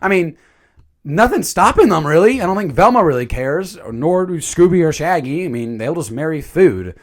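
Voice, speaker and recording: A man's voice: on the high side, normal speed. A man reviewing a movie in a casual, jokey commentary. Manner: animated, jokey, slips into silly voices.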